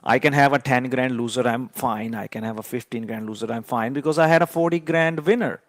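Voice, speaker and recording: A man teaching a trading lesson in a mid-pitched voice. He lectures emphatically and hammers his points home by repeating them. The sound is dry and close, with no room echo. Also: a little fast. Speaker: trading educator.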